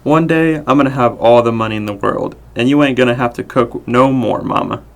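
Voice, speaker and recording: A man's voice: medium pitch, fairly quick, vocal fry, lightly acted. A man reading the part of an eager six-year-old boy in a raised, pleading voice.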